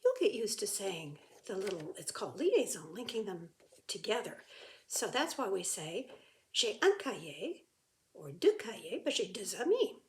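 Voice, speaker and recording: A woman teaching a beginner French lesson, drilling words slowly for listeners to repeat. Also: medium pitch, very animated, slight background noise. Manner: drills words slowly for repetition, with bright exclamations. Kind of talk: slow, lively beginner language lesson.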